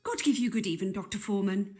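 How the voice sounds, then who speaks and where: A woman's voice: medium pitch, fast, mellow, lightly acted. An actress playing a fussy, gossipy Elizabethan noblewoman with prim, breathless old-fashioned speech. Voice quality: prim, breathless period diction. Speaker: patient. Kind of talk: period game voice acting.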